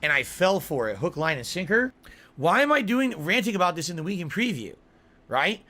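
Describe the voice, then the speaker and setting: Man, slightly high voice, ranting and defensive, hammers points by repeating himself. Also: sing-song, brisk, pushed and bright. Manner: ranting, insistent, repeats words for emphasis. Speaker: online video creator. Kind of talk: heated monologue.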